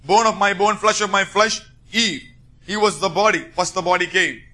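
Male preacher, high bright voice, emphatic sermon delivery. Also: moderate pace. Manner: emphatic, rising to forceful bursts.

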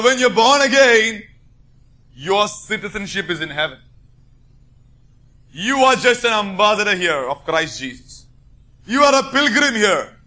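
Male preacher, high bright voice, emphatic sermon delivery. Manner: emphatic, rising to forceful bursts.

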